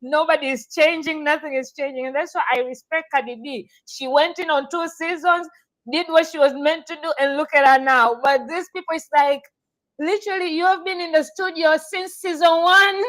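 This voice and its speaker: A woman co-hosting a casual podcast chat, animated and slangy, swearing casually. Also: very high voice, moderate pace, rough recording.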